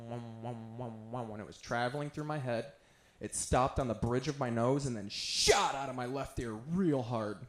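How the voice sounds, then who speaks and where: Man telling stand-up stories in a roomy venue. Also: medium pitch. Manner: self-mocking, offhand storytelling. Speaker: stand-up comedian. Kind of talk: stand-up storytelling.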